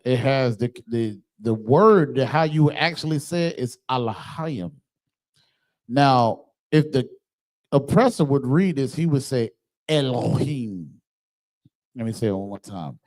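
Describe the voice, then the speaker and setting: A man's voice: mid-range voice, expressive, measured pace, a little mellow. A man, teaching an online class over a computer microphone in an emphatic manner and often checking that his listeners follow. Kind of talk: online scripture class with screen sharing.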